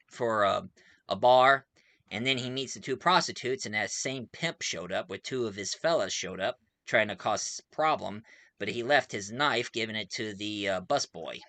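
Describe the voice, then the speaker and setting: A man's voice: mid-range voice, moderate pace, sharp tone, dry recording. A man reviewing a movie in a casual, rambling way, full of fillers and frequent chuckles.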